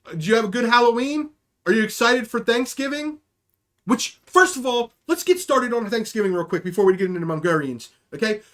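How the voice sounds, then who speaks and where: A man's voice: very high-pitched, animated, brisk, fairly bright tone. A young man hosting a livestream, telling a rambling, profane story in casual chat, often checking in with "okay?". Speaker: livestream host.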